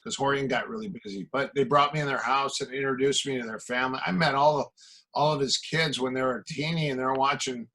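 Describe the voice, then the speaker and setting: A man's voice: medium pitch, steady tone, quick pace, pushed and bright, low-quality recording. A middle-aged man from the American Midwest, a martial arts coach telling stories as a podcast guest and acting out quoted exchanges. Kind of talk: casual storytelling.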